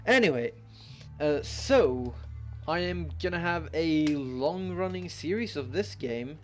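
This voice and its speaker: A man's voice: fairly high pitch, lively intonation, slow pace. Rambling young man over game music. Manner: rambling, self-mocking, full of ums and asides. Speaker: gaming channel host. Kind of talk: casual let's-play commentary, reading on-screen text aloud.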